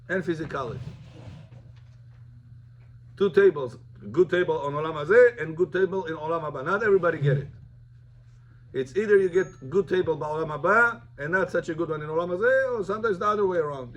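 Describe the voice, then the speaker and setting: A man's voice: on the high side, a little hiss or hum. A man, a rabbi, teaching a Talmud lesson informally, telling the story and mixing Hebrew terms into plain English.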